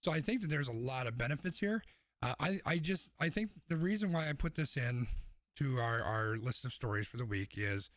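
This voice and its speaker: A man's voice: mid-range voice, a bit bright, dry recording. A man co-hosting a podcast, giving blunt, opinionated takes in casual discussion, sometimes swearing. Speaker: podcast co-host.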